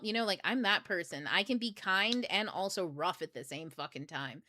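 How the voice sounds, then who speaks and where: Middle-aged woman, casual blunt host who curses and laughs a lot; bright, edgy tone, dry recording. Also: on the low side, lively intonation, moderate pace, no echo. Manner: blunt, profane, laughs often. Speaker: book club host. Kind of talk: casual livestream talk.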